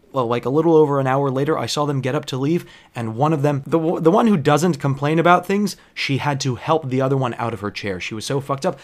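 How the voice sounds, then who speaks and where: A bartender recounts a long personal story from his job, swearing freely and drifting into digressions. He stops now and then to reflect on how he behaved, and his voice sits at a medium pitch.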